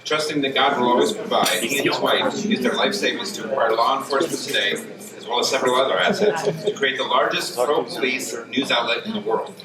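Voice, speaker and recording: A man's voice: mid-range voice, brisk. Man introducing a speaker in an echoey hall. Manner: formal, read from a script. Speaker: event introducer. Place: convention hall. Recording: distant, echoey hall with crowd. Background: crowd.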